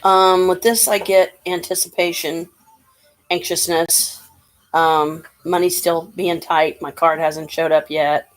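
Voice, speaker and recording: A woman's voice: fairly low pitch, little pitch movement, takes it slowly, low-quality recording. A woman giving a casual tarot card reading, chatty and rambling, with lots of fillers. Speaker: tarot reader.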